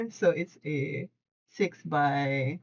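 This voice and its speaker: A woman hosting a casual hands-on craft tutorial at her desk at home, chatty and excitable, laughing often and correcting herself mid-sentence. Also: sits low, drawn-out words, muffled recording.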